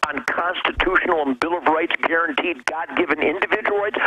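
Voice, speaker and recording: A man calling in as a guest, talking with fervent, preachy passion, his voice swinging from low to high. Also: fairly quick, hardly any pauses. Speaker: caller-in guest. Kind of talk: fervent call-in commentary. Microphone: telephone. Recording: muffled noisy phone line.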